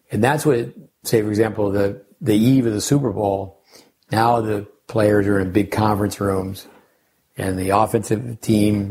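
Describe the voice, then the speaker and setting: An older man who coaches tennis hosts a podcast in a lowish, slightly mellow voice, with a little hiss or hum in the recording. He rambles casually through coaching lessons and side stories, restarting sentences and wandering into sidebars.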